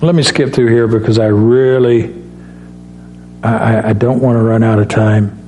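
A middle-aged man preaching a sermon in a folksy, storytelling way, acting out dialogue and rising in pitch on key points. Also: fairly even intonation, moderate pace, dark tone, faint music behind. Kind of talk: sermon with personal stories.

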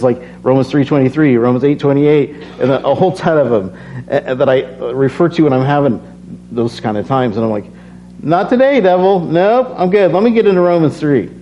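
Earnest, tired man preaching personally. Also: mid-range voice. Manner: earnest, personal, repeats phrases when excited. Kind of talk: casual sermon with scripture reading. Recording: slightly dull recording with faint hum.

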